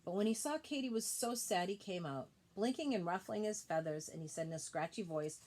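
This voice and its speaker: A woman reading a picture book aloud to children, expressive and pausing to point out the pictures. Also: medium pitch. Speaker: storybook reader.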